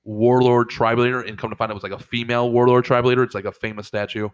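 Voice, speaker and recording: A man's voice: mid-range voice, level tone, rapid-fire, smooth, highs cut off. Rambling, foul-mouthed male storyteller. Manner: rambling, swears a lot, acts out his own reactions. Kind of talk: casual comedic storytelling.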